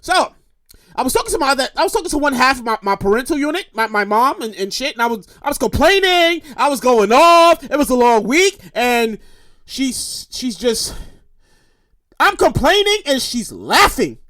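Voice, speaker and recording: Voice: sits high, big pitch swings, normal speed, fairly bright tone, no room sound, clean studio sound. A podcast host in their thirties, rambling through a casual, profane monologue and repeating phrases for emphasis. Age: 30s.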